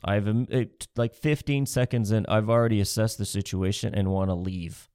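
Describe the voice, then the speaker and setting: A man's voice: lowish voice, fairly even intonation, moderate pace, a little mellow, clean tone, no room sound, clean studio sound. A man from Canada doing a profane, sarcastic comedic rant, mocking the people he talks about.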